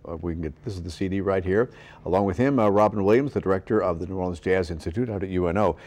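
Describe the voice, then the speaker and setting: A man's voice: deep voice, very fast, a little mellow. A man anchoring a live morning news show, chatty and casual, tripping over words and laughing at himself.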